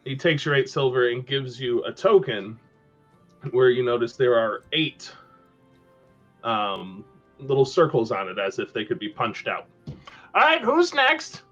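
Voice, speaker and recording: A man's voice: mid-range voice, a little slow, faint music behind. A man game master narrating a tabletop game, describing scenes with fillers, in slightly dull lo-fi audio.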